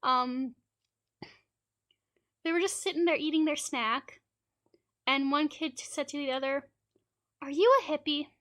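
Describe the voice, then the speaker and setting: A woman's voice: high voice, fairly even intonation, unhurried, pauses often, a bit bright. A woman streamer from Canada telling rambling, laughing anecdotes in a casual chat and acting out children's lines.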